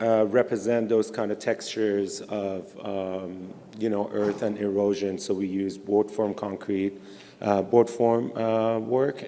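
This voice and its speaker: A man presents an architecture project to a conference audience, pausing often with ums and uhs. His voice is low and mellow. The sound carries a long reverb from a large hall. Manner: hesitant, many fillers.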